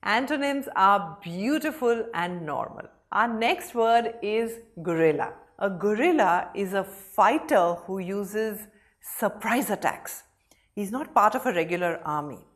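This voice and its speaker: Lively woman teaching vocabulary. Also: mid-range voice, measured pace. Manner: lively, animated explaining with hand gestures. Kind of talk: vocabulary lesson.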